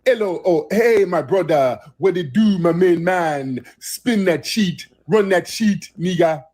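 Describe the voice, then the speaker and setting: A man's voice: high-pitched, animated, slow pace, darkish tone, pitched above the performer's own voice, heavily acted. A pushy street hustler, played by a man as an impression inside his own story, keeps coaxing and wheedling shoppers to come into his store. The voice sits well above the man's natural range. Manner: wheedling, repetitive sales patter.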